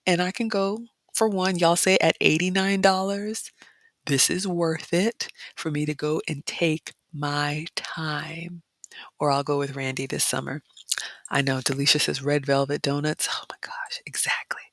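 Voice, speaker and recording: A woman vlog host walking viewers through a brunch buffet, chatting casually, reading comments aloud and often dropping into soft excited whispers. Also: low voice, no echo, clean studio sound. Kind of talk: casual live-stream walkthrough.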